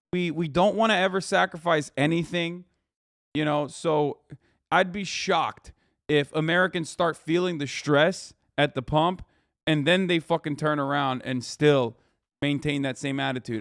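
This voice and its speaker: A male streamer in his thirties riffs on the news in a sarcastic, rambling way. He swears a lot, and his voice sits a little high. The mic is close, with a dry, dead room. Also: steady tone, unhurried, a bit bright, no room sound. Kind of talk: casual live-stream reaction commentary.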